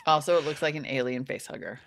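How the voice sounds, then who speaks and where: A woman's voice: sits low, fast, slight background noise. A woman co-hosting a live-stream podcast, chatting casually and animatedly, often laughing and acting out what other people say. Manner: animated, laughing, acts out quoted voices. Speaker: podcast co-host.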